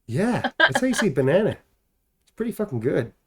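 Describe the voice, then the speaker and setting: A man's voice: sits high, big pitch swings, brisk, slightly rough. A man co-hosting a casual live stream, rambling and joking with loose, swearing banter. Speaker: streamer co-host.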